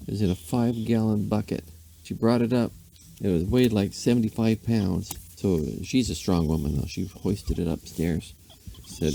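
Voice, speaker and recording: Gravelly low-voiced dad telling a bedtime story. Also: male voice, normal speed, dark tone, slight background noise. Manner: rambling, playful, with silly asides.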